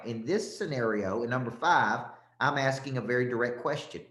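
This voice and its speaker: A Southern-accented man, a sales coach, gives a punchy, repetitive motivational talk and calls out listeners by name. His mid-range, slightly bright voice moves at normal speed in a roomy-sounding space.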